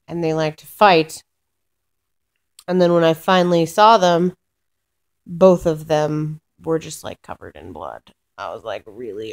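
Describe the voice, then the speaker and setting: A young female vlogger rants casually to camera about her week, rambling, exasperated and swearing often while restarting her sentences. Her voice is low-pitched and a little mellow.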